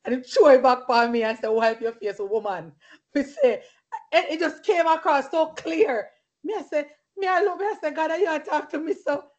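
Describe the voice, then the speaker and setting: On a lo-fi recording, a high-voiced woman speaking at normal speed leads a Bible study that becomes a fervent sermon. She shares personal testimony and interjects hallelujahs and praise between points.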